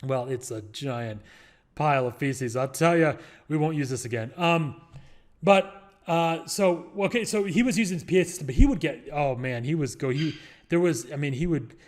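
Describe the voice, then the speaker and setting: A man's voice: a little high, moderate pace, darkish tone. A young man giving casual advice in a rambling, joking way, full of fillers and restarts. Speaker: real estate investor and show host.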